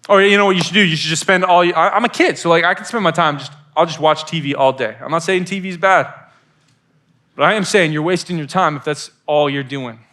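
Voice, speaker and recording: Animated man preaching to youth, bright voice. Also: fairly high pitch, fairly quick. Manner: animated storytelling with acted-out phone voices. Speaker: youth pastor. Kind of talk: youth sermon.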